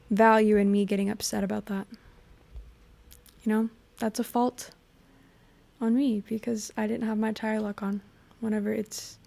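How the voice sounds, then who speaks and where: A young woman hosting her own podcast, talking through a personal story in a casual, reflective way, with lots of "you know" and "like". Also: a little high. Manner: relaxed, chatty, frequent "you know" and "like". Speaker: podcast host.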